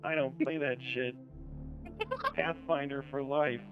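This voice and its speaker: A man putting on a slow, deliberate reading of a rude reply from a scientist with a speech synthesizer, over background music. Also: mid-range voice, fairly even intonation, narrow, tinny audio, natural voice. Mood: mocking. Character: male scientist's voice-synthesizer reply, crude and mocking. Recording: music playing behind the voice.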